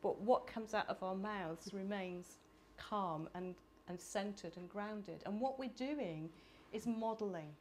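A middle-aged woman from the United Kingdom speaking at a conference, animated and chatty with laughing asides. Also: medium pitch, takes it slowly, few pauses, slight background noise. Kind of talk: conference talk. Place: conference hall.

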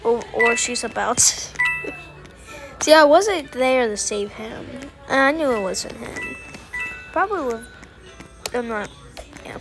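A giggly woman talking over her game in a high, lively voice that leaps all over the place. She talks very slowly and breaks into laughs and surprised squeals. Soft game music runs behind her. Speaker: gamer. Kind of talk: casual gaming commentary.

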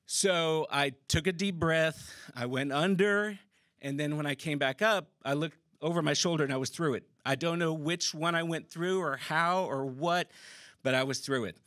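A man telling a true personal story on a theater stage, casual and animated, swearing and laughing as he goes. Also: fairly high pitch, moderate pace, dry recording. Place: theater stage before a live audience. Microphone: stage microphone.

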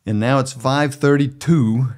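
A man speaking as a bishop on a podcast, measured and gentle, with frequent pauses and fillers. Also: mid-range voice, fairly even intonation. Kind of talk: conversational podcast chat.

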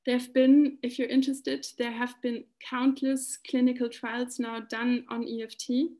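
A woman giving a calm, explanatory talk on tapping, often restarting her phrases as she guides listeners through the points. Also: fairly high pitch, normal speed. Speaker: EFT practitioner giving a talk.

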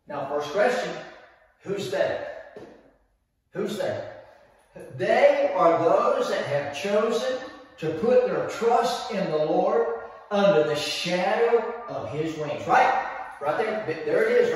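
A man preaching in a big, echoey hall, his voice picked up from a distance. He talks in a high register and takes his time, often repeating phrases and putting questions to the congregation. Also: expressive, takes it slowly. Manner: emphatic, repeats himself, asks the listeners questions. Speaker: pastor. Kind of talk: sermon teaching. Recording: echoey hall, mic far off.

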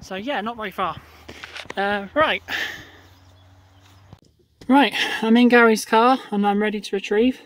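Retrieve driver narrating their own work outdoors in a field, pausing often, medium pitch, light noise behind. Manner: explains step by step as they go, with frequent pauses. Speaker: hot air balloon retrieve driver. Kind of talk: casual running commentary while working.

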